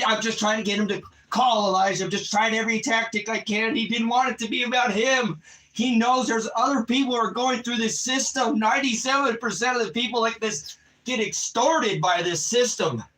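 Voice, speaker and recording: Impassioned pastor, high bright voice. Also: male voice, low-quality recording. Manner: impassioned, rambling, rises to shouting. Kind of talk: emotional livestream monologue.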